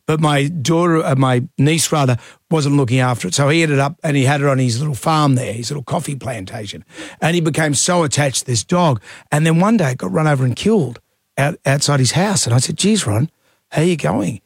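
An Australian man co-hosting a radio show, chatting in a gently consoling way. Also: on the high side, a little fast, dry recording, studio quality. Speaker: radio co-host. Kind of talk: casual radio chat. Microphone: studio mic.

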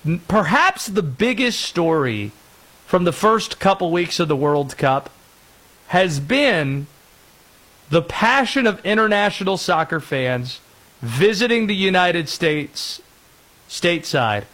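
Lively animated man hosting sports radio. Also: sits high, takes it slowly. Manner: lively, animated, jokey, breaks into put-on voices.

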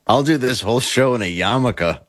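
A man from Michigan co-hosting a podcast, trading deadpan, irreverent jokes in casual chat. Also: mid-range voice, fairly quick, no room sound, clean studio sound. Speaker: podcast co-host.

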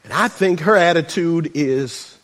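A man preaching a sermon, swinging between shouts and hushed asides and adding humorous remarks. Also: on the high side, measured pace. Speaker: pastor. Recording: reverberant hall.

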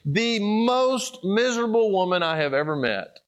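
A man preaching a sermon and telling stories, rising to loud emphatic peaks and then dropping to hushed, low passages. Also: very animated, normal speed.

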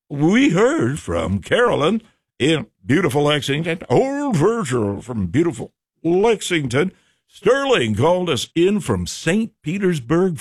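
A man's voice: fairly high pitch, slightly rough, no echo. A man hosting a local morning radio show, joking and rambling as he reads out trivia callers and fumbles with the studio equipment. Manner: jokey, rambling, talks to himself while fumbling equipment. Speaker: radio host. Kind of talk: casual radio chat. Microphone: studio microphone.

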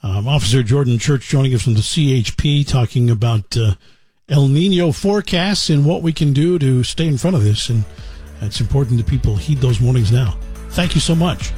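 A man's voice: mid-range voice, normal speed, darkish tone, slightly rough, faint music behind. A man hosting a radio interview, asking friendly leading questions. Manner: conversational, asks leading questions. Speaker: radio host.

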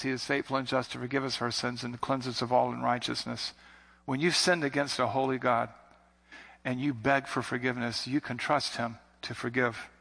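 A man's voice: medium pitch, gravelly, bright, forceful tone, in a large hall. A man preaching a sermon as a pastor, building to emphatic repetitions.

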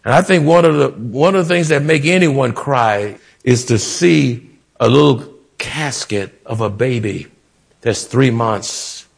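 A male pastor preaching a sermon in a slow cadence, building emotion through repeated phrases. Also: mid-range voice, vocal fry, husky.

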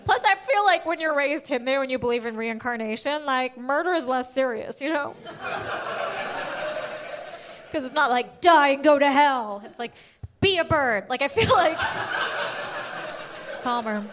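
A woman's voice: high voice, animated, moderate pace, pauses often, noisy background. A woman doing a stand-up comedy set, telling stories in a chatty way with lots of tag questions. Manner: conversational storytelling, frequent tag questions.

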